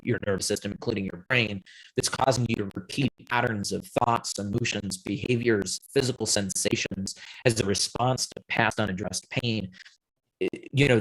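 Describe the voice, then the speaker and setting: A man who is a guest on a panel discussion, explaining his app in a measured, step-by-step way. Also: lowish voice, poor audio.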